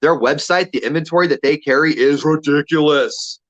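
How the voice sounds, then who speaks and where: A man's voice: a little high, moderate pace, lo-fi sound. A man co-hosting a radio show, telling a story casually and acting out the quotes with energy.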